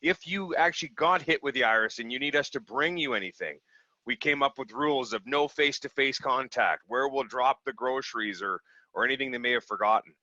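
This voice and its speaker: A man, a small business owner from Canada, telling stories in a casual, animated way and acting out the people he quotes. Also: medium pitch, a little fast, no echo, lo-fi sound. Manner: animated, acts out quoted people, laughs easily. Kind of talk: casual storytelling over video call.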